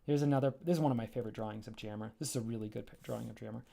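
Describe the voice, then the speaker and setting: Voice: mid-range voice, rapid-fire, creaky, mellow. A comic creator reads through their own graphic novel on a livestream, pointing out drawings and chatting along the way. The delivery is casual, enthusiastic and a bit rambling, with a mid-range voice.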